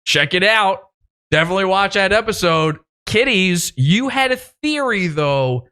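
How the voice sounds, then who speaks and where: A man's voice: high-pitched, expressive, unhurried, pushed and bright, clean tone. A man hosting a podcast interview, mocking and profane, laughing often as he talks. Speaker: podcast host. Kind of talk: casual interview.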